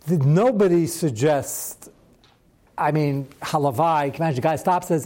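A man's voice: fairly high pitch, normal speed, dark tone. Man teaching a conversational Torah class. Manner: conversational, rhetorical questions and wry asides.

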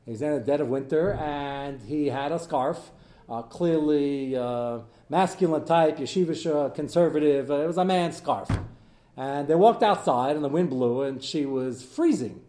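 A man teaching a Talmud class as a rabbi, animated and joking, his voice jumping up and down as he mixes in Hebrew study terms. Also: a little slow. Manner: animated, swings in pitch and loudness. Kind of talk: lively Talmud lecture with jokes.

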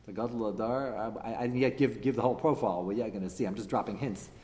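A man teaching a text class, animated and emphatic, firing rhetorical questions at his students. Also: lowish voice, fast, long reverb tail. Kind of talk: classroom lecture with discussion.

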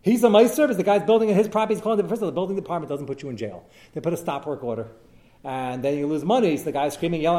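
A man, a rabbi, giving a Torah class, telling cases with animated storytelling and sprinkling in Hebrew and Yiddish terms. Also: fairly high pitch, rapid-fire. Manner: talks in short bursts with frequent fillers and restarts. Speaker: rabbi answering questions of Jewish law.

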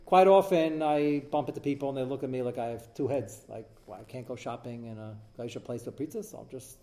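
A man's voice: medium pitch, a little fast, mellow. A man hosting a talk show, telling a story in a rambling way and peppering his speech with Hebrew and Yiddish terms. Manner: repeats and restarts while telling a story.

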